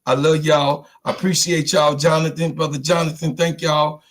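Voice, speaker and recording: A man with a Chicago accent hosting a casual livestream, talking loosely and shouting out his viewers. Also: a little high, flat delivery, moderate pace. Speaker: livestream host. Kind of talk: casual live-stream chat.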